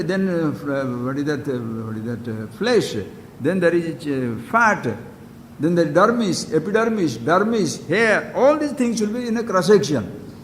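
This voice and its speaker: A man teaches a spiritual discourse, speaking emphatically and directing questions straight at his listeners, with wide swings in pitch and loudness. The recording has a long hall reverb and faint background hiss.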